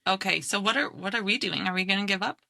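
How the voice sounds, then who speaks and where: A woman's voice: medium pitch, quick pace, creaky, sharp tone, dry recording. A woman co-hosting a podcast, trading playful banter on a close mic. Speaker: podcast co-host. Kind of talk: casual podcast chat.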